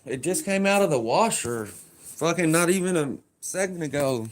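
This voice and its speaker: A man's voice: fairly high pitch, lively intonation, normal speed. Guy ranting loose and profane into his phone at home, slight background hiss. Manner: rambling, profane storytelling. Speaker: vlogger. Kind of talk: casual livestream chat.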